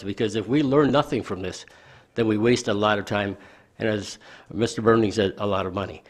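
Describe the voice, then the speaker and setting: A man speaking as a county supervisor at a board meeting, conversational and anecdotal. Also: on the low side. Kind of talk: public meeting remarks.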